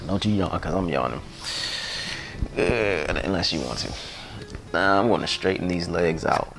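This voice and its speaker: A man guiding a yoga class, relaxed and playful, sighing and joking between cues. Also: deep voice, a little slow, gravelly, pauses often. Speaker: yoga instructor. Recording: music playing behind voice.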